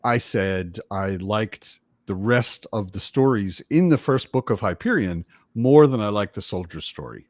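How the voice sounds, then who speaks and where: Low-voiced man hosting a book chat. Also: animated, a little slow, hardly any pauses, a little mellow, dry recording, clean studio sound. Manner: rambling, self-correcting, chatty. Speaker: livestream host. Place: home in Berlin.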